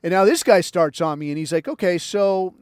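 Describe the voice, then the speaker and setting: A man's voice: high-pitched, expressive, fairly quick, clean tone, no room sound, clean studio sound. An American man hosting a podcast, telling a long personal story in a loose, wry way and acting out the other voices. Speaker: podcast host. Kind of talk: casual storytelling monologue.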